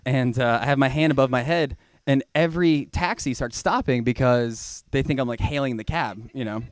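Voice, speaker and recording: A young man tells a stand-up story in a rambling, self-mocking way on a small bar stage, with a handheld mic close to his mouth. His voice is smooth and clear, sits at an ordinary pitch, and sounds dry with very little room echo. Now and then he jumps into loud, high-pitched shouting. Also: normal speed. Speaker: stand-up comedian. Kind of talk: stand-up comedy set.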